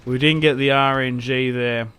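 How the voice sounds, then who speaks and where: A young man giving casual commentary over a strategy game, chatty and quick to react loudly when things go wrong. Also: mid-range voice, steady tone, clear, resonant tone. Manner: chatty, reacts loudly to setbacks, self-mocking laughs. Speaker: gaming YouTuber.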